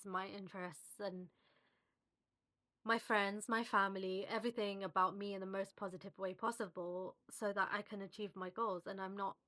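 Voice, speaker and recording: A woman vlogger speaking softly and reflectively to her viewers, with fillers and small restarts. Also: mid-range voice. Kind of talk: heartfelt one-on-one talk to camera. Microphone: phone at arm's length, video-call style.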